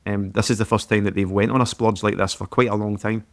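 Male podcast co-host, lowish and flat, halting football chat. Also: no echo. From Scotland. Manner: halting, frequent "um" and repeated words. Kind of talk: casual football analysis chat.

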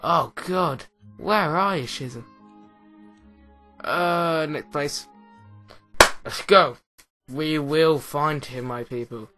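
A young English man talks his way through a video game at an unhurried, drawn-out pace. His voice is bright and ringing, and he rambles excitedly, poking fun at himself as he goes. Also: on the high side, soft background music. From England. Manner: rambling, excitable, self-mocking. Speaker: gaming commentator. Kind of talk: let's play commentary.

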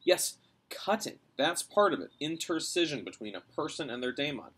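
A bold, cunning young girl, as a man reading a storybook aloud puts her on, pitched well up and swinging widely as she spins her tale. The voice is eager and persuasive, a touch husky, and pushes out quickly. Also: sing-song, fairly bright tone, exaggerated voice.

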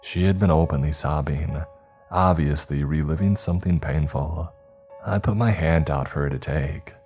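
A man narrating a horror story in a calm, measured scripted reading. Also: rumbling low. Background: faint music.

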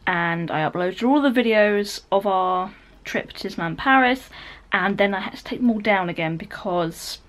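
Mid-range in pitch and moderate in pace, a British vlogger in her twenties chats casually at home. She rambles and giggles while talking to the camera indoors in her living room.

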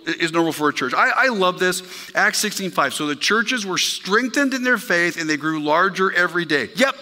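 A man's voice: a little high, pushed and bright, long reverb tail. A male pastor preaching a sermon in an emphatic, conversational way, talking directly to his congregation. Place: church sanctuary.

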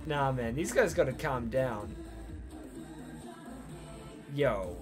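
A man's voice: mid-range voice, expressive, slow pace, pauses often, soft background music. A young man hosting a reaction video, talking casually and breaking into hyped exclamations. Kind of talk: excited reaction commentary.

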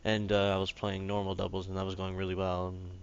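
A man giving casual, excitable commentary while playing a game, swearing at his teammates. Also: sits low, quick pace, smooth, dull audio. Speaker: gaming commentator.

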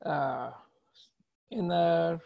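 Gravelly-voiced lecturer. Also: male voice, fairly high pitch, very slow. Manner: talks while typing code, ends phrases with "right?"; explains patiently and checks in with students. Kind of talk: live coding lecture. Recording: muffled lo-fi audio.

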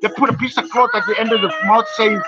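A man's voice: sits high, steady tone, quick pace, very noisy. A man in a rambling, repetitive rant monologue, stumbling over words and repeating himself. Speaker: vlogger. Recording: dull lo-fi audio over loud music.

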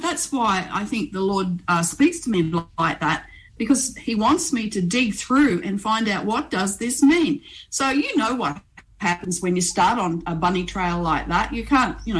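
A woman, a guest pastor telling stories in a conversational faith interview, animated and chatty. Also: medium pitch, rough recording. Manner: animated storyteller, frequent "um" and "you know".

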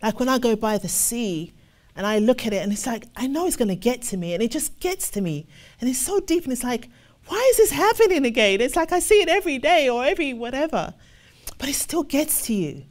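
Expressive preaching woman, slightly high. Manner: expressive, acts out other people's replies; reads scripture slowly and solemnly. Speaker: ministry officer. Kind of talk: preaching with scripture reading.

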